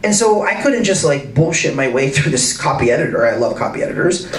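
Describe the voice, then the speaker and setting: A man speaking to a live audience in an arts center, emphatic and full of rhetorical questions, his pitch swinging widely. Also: sing-song, fairly quick. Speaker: guest speaker in a public conversation. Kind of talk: animated talk to a live audience. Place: arts center event space. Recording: roomy and distant with faint noise.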